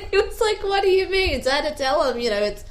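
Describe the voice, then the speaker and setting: A woman chatting casually, telling a quick story with laughter and quoted exchanges. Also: very high voice, big pitch swings. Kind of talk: casual chat.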